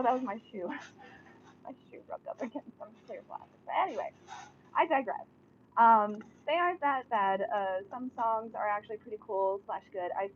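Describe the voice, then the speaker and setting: A young adult woman vlogging and chatting casually to camera while reading viewer comments, blunt and heavily profane, flaring into loud angry rants. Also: a little high. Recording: dull lo-fi sound with faint noise.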